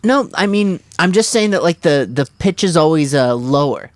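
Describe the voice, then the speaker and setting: A man's voice: fairly high pitch, animated, normal speed, no room sound. A man co-hosting a comedy podcast, rambling and unsure, in casual chat. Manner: rambling, unsure, laughs often. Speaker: podcast co-host.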